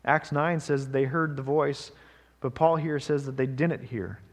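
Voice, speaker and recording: A man's voice: mid-range voice, fairly even intonation, measured pace, big-room sound. A man pastor preaching a sermon in a conversational way, often checking in with the congregation. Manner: conversational preaching, frequent "right?" asides.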